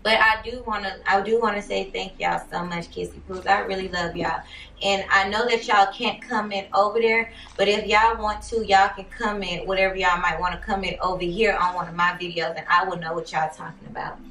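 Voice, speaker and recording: A woman's voice: medium pitch, steady tone, brisk, vocal fry, fairly bright tone, slight background noise. A woman chatting casually to her followers in a sassy, chatty way, calling them honey. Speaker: vlogger. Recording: roomy, from a distance.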